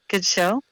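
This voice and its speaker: Slow-talking playful radio caller. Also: mid-range voice, fairly bright tone, husky, dry recording. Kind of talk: casual call-in chat.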